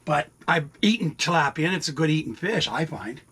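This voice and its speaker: A man's voice: fairly high pitch, lively intonation, a little fast, fairly bright tone, slightly rough. A man in his sixties chatting casually in a rambling way while cooking in his RV kitchen, talking to his cats now and then. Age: 60s. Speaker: RV vlogger. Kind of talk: casual cooking vlog chat.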